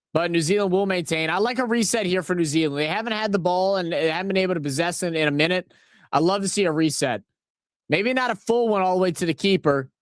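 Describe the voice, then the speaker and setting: Recorded in clean studio sound with no room sound, this high-voiced watch-along host from New Orleans, USA rambles and curses excitably. He chats casually over a live match and spins stories in his New Orleans accent.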